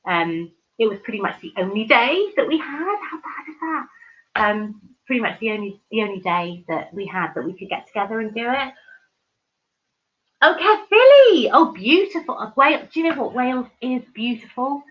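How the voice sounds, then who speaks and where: A woman's voice: on the high side, lively intonation, fairly quick. Chatty woman on a dull stream. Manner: chatty and effusive, many ums and restarts. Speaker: livestream host. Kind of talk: casual live-stream chat reading viewer comments.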